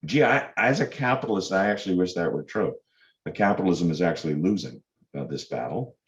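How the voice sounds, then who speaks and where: Low-voiced man lecturing with sarcastic questions. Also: animated, a little fast. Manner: emphatic, sarcastic rhetorical questions. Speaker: guest lecturer. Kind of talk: public lecture to students. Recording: dull lo-fi lecture recording.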